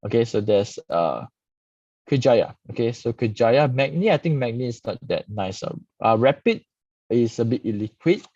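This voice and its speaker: A man's voice: medium pitch, lively intonation, normal speed, a little mellow, no room sound. A man reviewing stock charts live, peppering his talk with "okay". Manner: frequent "okay" tags, casual explaining. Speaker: stock market analyst host. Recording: dull lo-fi dry sound.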